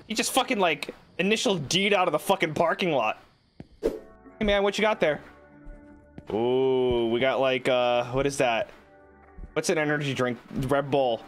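A man's voice: mid-range voice, measured pace, long pauses, soft background music. Swearing, rambling male game streamer. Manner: rambling, swearing, jokey outbursts. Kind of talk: casual gameplay commentary.

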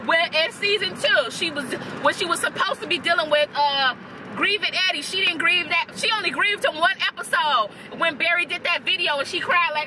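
A young woman vlogger giving a blunt, profane and animated casual review. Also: very high voice, brisk, crowd noise, noisy background.

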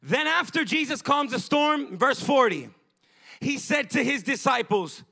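Guy preaching in church, bright sharp voice, emphatic and fervent, shouts now and then. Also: very high voice, animated, a little slow, creaky. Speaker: pastor. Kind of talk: sermon.

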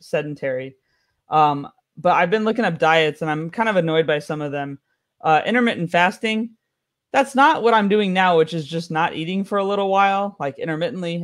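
A man's voice: a little high, a bit bright. An American man performing a stand-up comedy set with a wry, offhand delivery. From United States.

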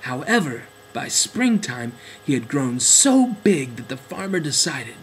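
Expressive man reading a storybook. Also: medium pitch, unhurried, breathy edge, poor audio. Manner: expressive, gentle. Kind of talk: storybook narration.

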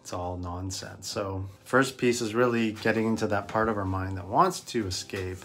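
A man's voice: on the low side, moderate pace, a bit bright. Candid man coaching from a cold bath. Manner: candid, self-deprecating, coaching tone. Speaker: wellness vlogger. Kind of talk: casual talk to camera. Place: home bathroom, in a cold bath.

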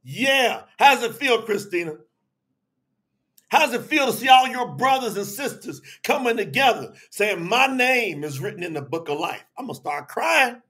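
A man preaching a livestreamed sermon, emphatic and call-and-response, shouting out to viewers by name and breaking into sudden shouts. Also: extremely high pitch, lively intonation, moderate pace, breathy edge. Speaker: preacher leading an online service.

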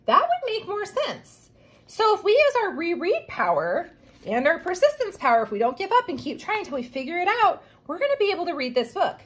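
A woman teacher giving a remote reading lesson to young children, encouraging them and slowly sounding out words. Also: very high voice, huge pitch swings, fairly bright tone.

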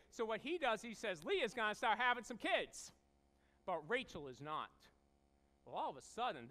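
Male pastor, sermon delivery, very high and bright voice, clear, animated storyteller who acts out voices. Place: church sanctuary.

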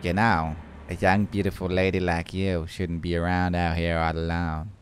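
A man voicing a creepy male stalker in a low, hushed, menacing tone. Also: level tone, moderate pace, slight background noise, close to an everyday voice.

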